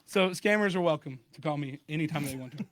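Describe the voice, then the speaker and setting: A man in a casual podcast chat with friends, telling a story in an animated way and acting out both sides of phone calls. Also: on the high side, quick pace, very noisy. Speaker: podcast co-host.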